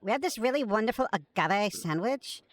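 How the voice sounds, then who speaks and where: A woman's voice: mid-range voice, lively intonation, moderate pace, no echo, natural voice. A woman voicing a young female coffee-shop barista who hesitates and says um a lot. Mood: dithering. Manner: hesitant, full of ums.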